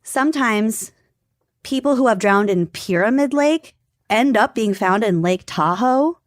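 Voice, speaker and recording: A woman co-hosting a podcast in casual chat, talking fast and loose with lots of "like" and frequent laughs. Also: fairly high pitch, lively intonation, no echo, studio quality. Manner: chatty, laughs often, says "like" a lot. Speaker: podcast co-host.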